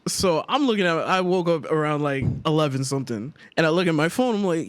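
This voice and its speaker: A young man hosting a podcast in casual chat, an animated, excitable storyteller who laughs often. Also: fairly high pitch, a little fast, few pauses, no echo. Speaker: podcast host.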